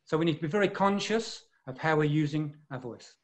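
English-accented male presenter, clear precise explainer, slightly high voice, video-call seminar. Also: fairly quick.

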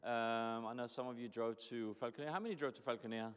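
A man in his forties, a pastor from Denmark, preaching and praying in a casual, excitable way with lots of fillers and restarts. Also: mid-range voice, fast, clear, resonant tone. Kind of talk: sermon with prayer and storytelling. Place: church hall. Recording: echoey hall.

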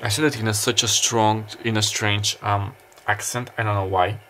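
This tarot reader speaks at a fairly low pitch with a pushed, bright quality and mostly even intonation. He muses his way through a pick-a-card reading, hesitating, restarting, and using lots of fillers. There's a touch of hiss or hum, plus quiet summer beach ambience.

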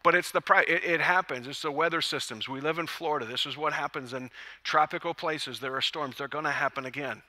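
A man preaching a sermon as pastor at a church service, a lively, joking storyteller who acts out quotes. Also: on the high side, fairly quick, big-room sound.

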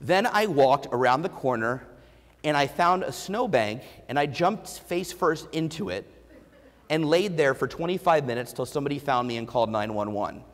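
A man giving a keynote speech, telling a candid personal story with self-deprecating humor and halting restarts, on a lavalier mic. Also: medium pitch, animated. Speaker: keynote speaker. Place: large conference hall before an audience. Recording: long hall reverb.

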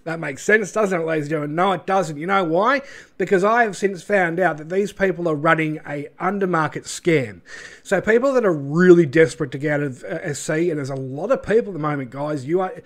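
A man hosting his channel, ranting in a sarcastic, scornful way with many fillers and asides. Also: on the high side. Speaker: channel host. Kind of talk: ranting commentary video.

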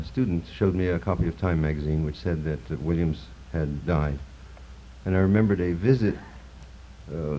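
Poet in his 50s from New Jersey, deep and dark-toned, chanting verse and musing between poems, old film transfer with light hiss. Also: poor audio. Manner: chanting, rising incantatory delivery in poems, halting with fillers between. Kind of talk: poetry reading with spoken introductions. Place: college lecture hall. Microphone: film recording from the stage.

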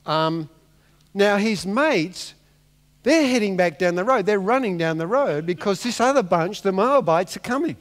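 Man, pastor, high voice, animated comic sermon, long church-hall reverb. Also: unhurried. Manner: animated comic storytelling, acting out characters.

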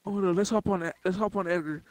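A man's voice: high voice, fairly even intonation, fast talker, no room sound, rough recording. A young man hosting a casual stream with friends, laid-back and laughing, swearing casually.

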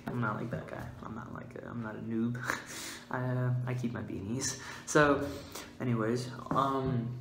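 Goofy man in a roomy echo. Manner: playful, goofy, giggly, with sudden loud high outbursts. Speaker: vlogger. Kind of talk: mock-scientific comedic vlog. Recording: roomy echo, faint background hiss.

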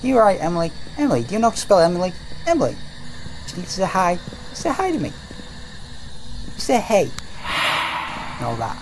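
British woman game streamer, cheeky banter, animated intonation, a little low-pitched. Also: fast talker, pauses often, background noise. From Britain. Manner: joking, cheeky, mock-pleading. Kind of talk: casual gaming banter.

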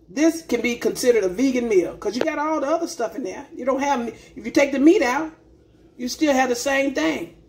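A woman's voice: a little high, darkish tone, slight background noise. Folksy woman chatting while eating leftovers. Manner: folksy, chatty, calls viewers baby and family; tastes food while talking, hums with mouth full. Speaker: cooking vlogger. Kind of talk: casual chat to camera.

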